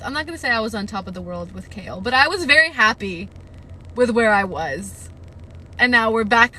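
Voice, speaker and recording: A woman reading a novel aloud on a live stream, with steady narration and emotional, gushing asides to her chat. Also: fairly high pitch, a little fast, poor audio. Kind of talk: live read-aloud with reactions.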